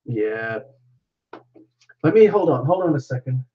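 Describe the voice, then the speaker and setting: Male live-stream tarot host, casual and chatty, greets viewers by name, excitable; mid-pitched voice, muffled lo-fi sound. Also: measured pace, slightly rough. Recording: dull lo-fi stream audio.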